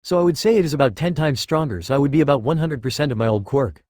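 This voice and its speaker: A man reading the lines of a blunt, profane young swordsman hero in a flat, quick storybook voice. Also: mid-range voice, no echo, clean studio sound, lightly acted.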